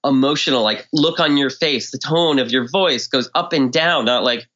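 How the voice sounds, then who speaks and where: A man's voice: medium pitch, moderate pace. Guy on a podcast explaining stuff, acts out little quotes, kinda dull lo-fi audio. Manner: animated, acts out quoted speech with swings in tone. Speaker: guest expert. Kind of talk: conversational explanation.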